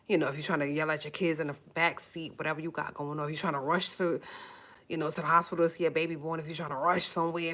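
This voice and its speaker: A woman's voice: low-pitched, a bit bright. A woman hosting a casual livestream, speaking to her viewers in an earnest, emotional way, repeating phrases and holding back tears. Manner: earnest, pleading, conversational. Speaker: YouTube livestream host.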